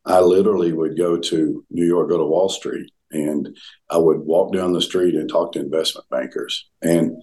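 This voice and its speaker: An older man with a Southern US accent, a former pastor telling his story as a podcast guest in an earnest, halting way full of restarts. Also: low voice, fairly even intonation, warm tone.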